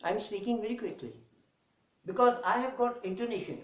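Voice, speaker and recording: A male English teacher with a Pakistani accent delivers a spoken English lesson in a fairly high voice. He swings his voice up and down for emphasis as he explains. The sound is dull and lo-fi, with a noticeable room echo. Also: brisk.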